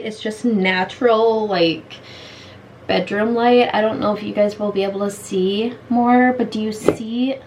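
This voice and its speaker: A woman's voice: fairly high pitch, a little mellow, a little hiss or hum, low-quality recording. A woman in her late thirties doing a casual makeup review at home in her bedroom, talking frustrated and blunt. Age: late 30s. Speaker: beauty vlogger.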